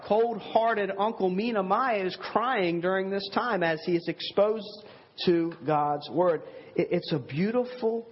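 Husky-voiced man preaching earnestly. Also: a little high, dull audio. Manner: earnest, conversational preaching with rhetorical asides. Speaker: pastor. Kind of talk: sermon.

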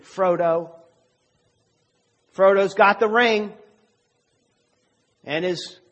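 A man preaching a sermon as pastor, telling a story with slow, dramatic pauses. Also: sits high, a bit bright, in a large hall.

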